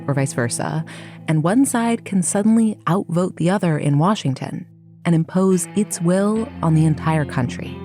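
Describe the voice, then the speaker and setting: Podcast host, woman, lowish voice, measured scripted history narration with dramatic pauses. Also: warm tone.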